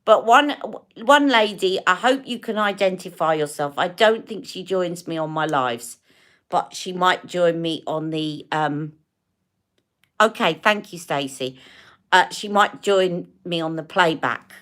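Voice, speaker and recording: A woman's voice: on the low side, unhurried, a bit bright. A woman hosting a casual beauty livestream, chatting to viewers and demonstrating products as she talks. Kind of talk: casual live-stream chat.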